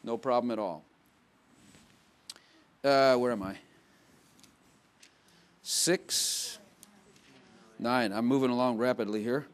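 A man preaching a sermon in a conversational way, dropping to quiet asides and rising to loud emphatic bursts, with frequent laughs. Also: mid-range voice, slow, pauses often, smooth. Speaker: pastor.

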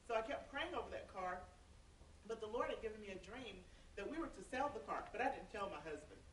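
A woman's voice: medium pitch, expressive, fast, slight background noise. A woman in a church group chatting through a personal story about obedience to God. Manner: chatty, laughing asides. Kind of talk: casual faith testimony. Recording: roomy, distant from the mic.

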